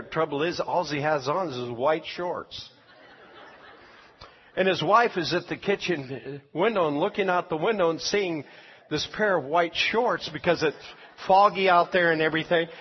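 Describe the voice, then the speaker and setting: Husky male pastor, dull church recording. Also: high-pitched. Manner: animated storyteller who laughs at his own tale, then soft pleading invitation. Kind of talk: sermon with humorous story and altar call. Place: church service.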